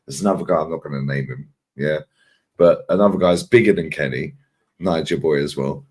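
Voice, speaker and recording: A man's voice: extremely low pitch, a little fast. A man hosting a casual live chat, telling stories with lots of swearing. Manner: animated, swearing storyteller. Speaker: channel host.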